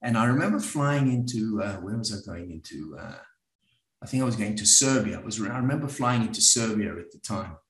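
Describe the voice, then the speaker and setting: A man with a South African accent, giving a reflective, earnest talk to a live audience, often pausing and restarting his sentences. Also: on the low side, lively intonation, roomy sound. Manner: earnest, with frequent restarts and pauses. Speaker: speaker at a community event.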